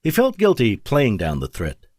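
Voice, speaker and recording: A man reading an audiobook in measured, dramatic scripted narration at a close studio mic. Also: mid-range voice, wildly swooping pitch, a little mellow, no room sound.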